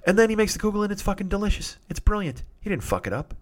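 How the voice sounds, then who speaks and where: A middle-aged man doing a rambling, profane comedic monologue as a podcast host, breaking into sudden loud outbursts. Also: high voice, very animated, very fast.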